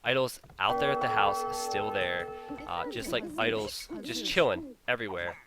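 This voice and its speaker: A man's voice: lowish voice, moderate pace, loud music behind the voice. A man giving live play-by-play commentary on a strategy game match, chatty and openly incredulous, laughing at the players' blunders. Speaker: game caster.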